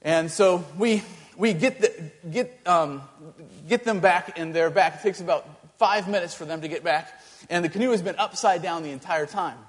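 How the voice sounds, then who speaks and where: A male pastor telling a story in a sermon, animated and halting, with many restarts. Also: high voice, in a large hall.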